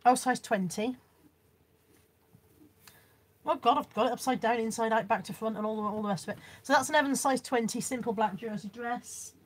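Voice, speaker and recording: Casual woman vlogger, higher-pitched and husky, talks through her haul and chats with viewers. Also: normal speed, long pauses. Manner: chatty, reads viewer comments aloud, laughs often. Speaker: vlogger showing a car boot haul. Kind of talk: casual live-stream chat.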